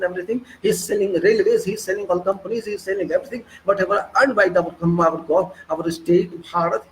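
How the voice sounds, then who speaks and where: This man's high voice comes through poor audio with slight hiss or hum. He speaks with an Indian accent, an impassioned political commentator whose ranting monologue leans heavily on repetition.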